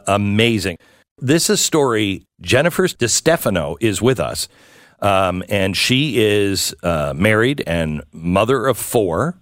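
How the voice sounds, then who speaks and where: A man hosting a radio talk show, introducing a guest in an animated, astonished way. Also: lowish voice, no echo. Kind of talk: interview intro. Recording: dry studio recording.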